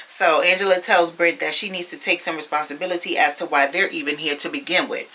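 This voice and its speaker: Woman vlogger, low voice, bright forceful tone, sassy chatty recap, talks to viewers. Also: steady tone, brisk, hardly any pauses. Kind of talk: casual episode recap.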